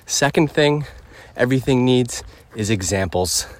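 A man's voice: mid-range voice, animated, measured pace, no room sound. A man hosting a podcast, giving an emphatic casual rant while out on a walk, a little out of breath. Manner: emphatic, punchy checklist delivery. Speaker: podcast host. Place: outdoors on a walk.

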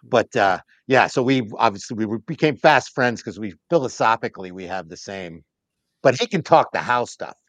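A man speaking as a podcast guest on data strategy, emphatic and animated, acting out other people's lines as he goes. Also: lowish voice, normal speed, no room sound. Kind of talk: casual podcast interview talk.

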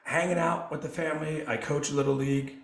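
A man hosting a podcast in casual chat, his voice a bit hoarse, talking in an energetic, joking way. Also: fairly high pitch, roomy sound. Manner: energetic, joking, quick asides. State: hoarse from coaching. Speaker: podcast host.

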